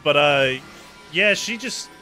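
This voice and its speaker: A man's voice: a little high, expressive, slow pace, pushed and bright, faint music behind. A man chatting casually and joking over a game stream, laughing often. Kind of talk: casual gameplay chat.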